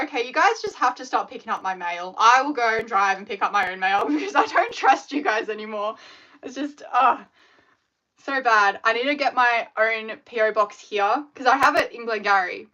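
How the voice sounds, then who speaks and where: Aussie woman rambling on a live stream, bright higher voice, kinda dull lo-fi sound. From Australia. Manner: chatty and animated, filler-heavy storytelling. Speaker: scrunchie maker hosting a live stream. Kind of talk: casual live-stream chat.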